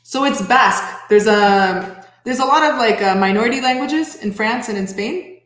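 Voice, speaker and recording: A woman's voice: on the high side, normal speed, a bit bright, reverberant. A woman talking as a guest fiddler and music teacher in casual chat, laughing often as she speaks. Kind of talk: casual chat on a live show.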